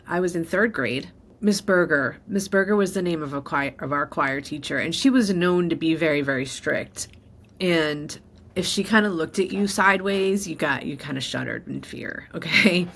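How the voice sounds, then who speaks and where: A woman's voice: deep voice, a bit bright. A middle-aged woman host sharing a candid personal story, emotional and close to tears. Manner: emotional, candid, tearful at times. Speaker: podcast host.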